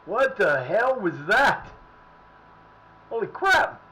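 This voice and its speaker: Excitable, cursing man commentating his own game. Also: high-pitched, slow, rough recording. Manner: excitable, profane, shouts at the play. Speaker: streamer. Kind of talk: casual live commentary while playing.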